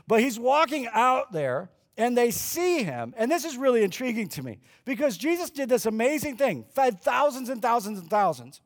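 A man preaching a sermon as a pastor, telling the story lively and acting out the lines people say. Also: very high-pitched, normal speed, few pauses. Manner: animated storyteller who acts out quoted lines. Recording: long hall reverb.

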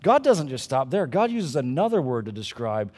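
A male pastor preaching a conversational sermon at a church service, swinging between loud emphasis and quiet asides to the congregation. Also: mid-range voice, very animated, moderate pace, big-room sound.

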